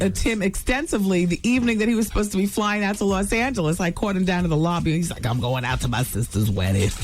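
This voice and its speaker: A medium-pitched woman hosts a radio show, racing through celebrity gossip with chatty asides and quick self-corrections. It sounds like a studio broadcast with soft music faintly in the background.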